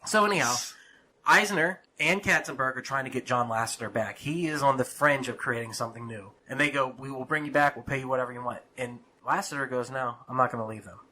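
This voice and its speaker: A man chatting on a podcast, telling a story animatedly and cursing freely. His voice is bright and forward. A faint hiss sits under the recording. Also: medium pitch, fast talker. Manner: animated storyteller, swearing, acting out quotes. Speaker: podcast co-host. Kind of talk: casual podcast chat.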